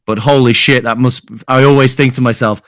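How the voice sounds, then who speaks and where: Podcast guest, young man, smooth and easygoing, dry close sound. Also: mid-range voice, steady tone, a bit bright, no room sound. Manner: easygoing, halting, restarts often. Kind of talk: casual chat.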